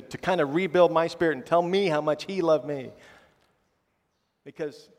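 A middle-aged man preaching a conversational sermon, often tagging a questioning "right?" onto his sentences with self-deprecating humor. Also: on the high side. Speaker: pastor. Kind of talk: conversational sermon with personal stories. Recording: long reverb of a large hall.

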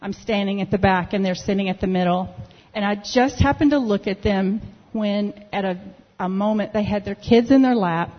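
Animated woman telling a church testimony. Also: mid-range voice, moderate pace. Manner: lively, animated retelling with quoted dialogue. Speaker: church member sharing a testimony. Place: church sanctuary. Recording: dull audio with long hall reverb.

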